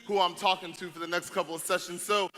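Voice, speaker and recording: A man's voice: high-pitched, little pitch movement, quick pace, bright, forceful tone. A young man, joking and hyping up a crowd as a youth event speaker. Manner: playful, hype, joking with audience. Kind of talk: energetic stage talk to a crowd. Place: large event hall with audience. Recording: noisy live event recording.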